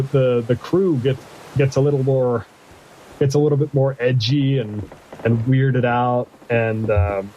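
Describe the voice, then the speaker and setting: A man running a tabletop game as game master, narrating in a halting way with many restarts and fillers. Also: mid-range voice, a little mellow, slight background noise, poor audio.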